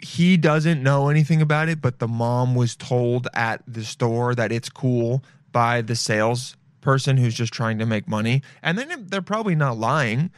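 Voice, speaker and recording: A sniffly young man from Los Angeles talks in a loose, rambling way, swearing often and calling everyone "dude." His voice sits at an ordinary middle pitch. The sound is dry and close, with no room around it. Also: a little slow, hardly any pauses, clear, resonant tone, no echo. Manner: rambling, swears freely, calls listeners "dude". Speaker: podcast host. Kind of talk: casual solo chat.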